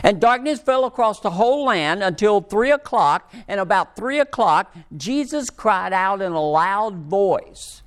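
A man preaching a sermon, speaking slowly and emphatically with rising and falling emphasis. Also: high voice, animated, a bit bright, clean tone. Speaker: pastor.

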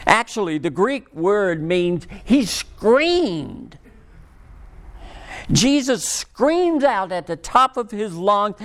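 A man preaching a sermon, speaking slowly and emphatically with rising and falling emphasis. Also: high voice, big pitch swings, a bit bright. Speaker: pastor.

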